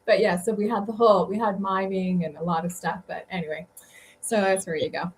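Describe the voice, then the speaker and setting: A woman's voice: mid-range voice, fairly even intonation, brisk, poor audio. A woman guest telling travel stories in a casual interview, chatty and rambling with many fillers. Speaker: guest author.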